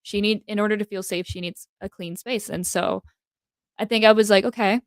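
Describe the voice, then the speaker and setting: A woman's voice: mid-range voice, fairly even intonation, normal speed, no echo. Reflective young woman, dry close sound. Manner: thoughtful, filler-heavy, reflective. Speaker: guest, host's daughter. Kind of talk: casual heartfelt conversation.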